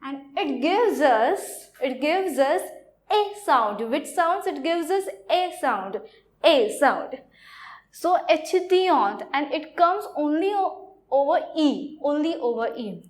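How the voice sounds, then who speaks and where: A woman with an Indian accent teaches a language lesson in a high voice. She speaks slowly and halts often, repeating phrases as she explains each point. The delivery is plain classroom lecturing. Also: animated. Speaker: French teacher.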